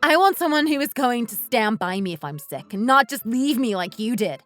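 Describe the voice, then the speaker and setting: A woman's voice: fairly high pitch, big pitch swings, normal speed, a bit bright, faint music behind. A woman voicing a resentful wife fed up with her husband, speaking in a bitter, accusing way. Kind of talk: scripted dialogue drama.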